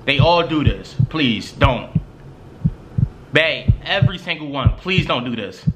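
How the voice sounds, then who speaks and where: A man's voice: on the high side, lively intonation, unhurried, very noisy, pitched below the performer's own voice. A man voicing a broke young boyfriend who pleads with his partner in exasperation. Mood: pleading.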